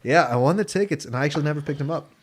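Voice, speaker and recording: A young man co-hosting a podcast, telling a story in casual chat, animated and slipping into voices for the people he quotes. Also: fairly high pitch, racing. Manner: animated, acts out voices in quotes, laughs often. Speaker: podcast co-host.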